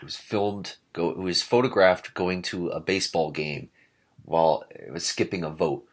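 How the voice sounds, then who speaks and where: A man with a very low voice co-hosts a podcast. He rambles in a casual way and slips sarcastic jokes into his asides. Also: unhurried. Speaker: podcast co-host.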